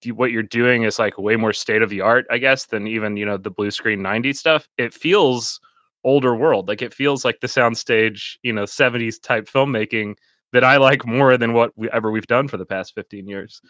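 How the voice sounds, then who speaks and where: A man's voice: mid-range voice, normal speed, fairly bright tone, no echo, clean studio sound. A man hosting a podcast in casual chat, rambling with lots of fillers and frequent laughter. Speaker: podcast host.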